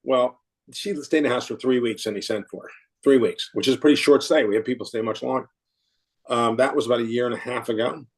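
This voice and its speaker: A man's voice: mid-range voice, quick pace. A middle-aged American man telling a story in a casual interview, chuckling often and restarting his sentences. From United States. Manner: warm anecdotal, laughs often, many restarts. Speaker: podcast guest.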